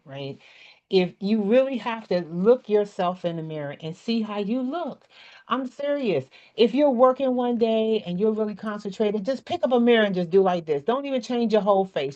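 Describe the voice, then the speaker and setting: A woman's voice: medium pitch, darkish tone, muffled recording. A woman leading a casual online workshop, chatty and laughing often as she acts out different tones of voice. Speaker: workshop presenter. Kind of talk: casual teaching talk.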